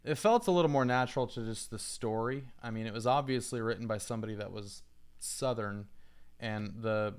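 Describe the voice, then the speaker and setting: A man's voice: on the low side, brisk, clear, resonant tone. A man chatting casually on a livestream, rambling and thinking aloud as he edits audio. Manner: relaxed, rambling, thinking aloud while editing. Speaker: streamer, content creator.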